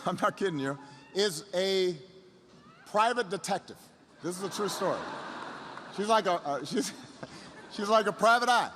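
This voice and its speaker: Bright-voiced man telling a story in a reverberant hall. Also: high-pitched, a little hiss or hum. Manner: halting repetitions, building to shouted rallying lines. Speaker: political speaker. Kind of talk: storytelling campaign speech.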